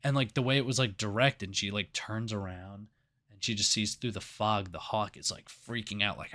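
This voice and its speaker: A man's voice: fairly low pitch, normal speed. A man co-hosting a casual movie review podcast, cursing freely and acting out scenes as he retells them. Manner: swears freely, retells scenes with animated voices. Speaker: podcast co-host.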